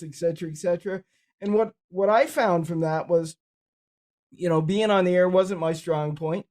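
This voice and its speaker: A man's voice: high voice, steady tone, normal speed, darkish tone. A man co-hosting a podcast, telling stories in a rambling, casual way, his speech affected by cerebral palsy. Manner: rambling, repeats words and restarts. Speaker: podcast co-host. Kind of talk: casual conversational storytelling.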